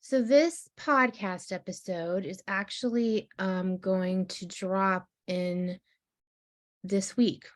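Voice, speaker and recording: A woman hosts a podcast in a casual, supportive chat. She speaks at an unhurried, slow pace with a mid-range voice. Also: mid-range voice, steady tone. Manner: supportive, brief affirmations and laughs. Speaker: podcast host.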